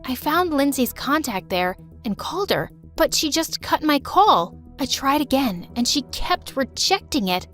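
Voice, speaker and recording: A young woman narrating an animated teen drama in first person, emotional and expressive. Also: high-pitched, faint music behind. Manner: emotional, quick shifts to outbursts. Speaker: narrator and lead teen girl.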